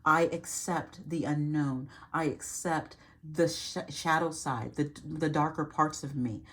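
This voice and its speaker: A woman's voice: sits low, fairly even intonation, measured pace. A woman giving an earnest, reassuring tarot reading to camera, repeating phrases and trailing off mid-sentence. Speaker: tarot reader.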